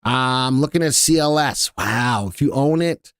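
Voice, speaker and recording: A man's voice: medium pitch, a little slow, fairly bright tone, clean tone, no room sound, clean studio sound. A man hosting a live stock-analysis stream, chatting casually with viewers and crew and repeating his key points. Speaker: livestream stock analyst host.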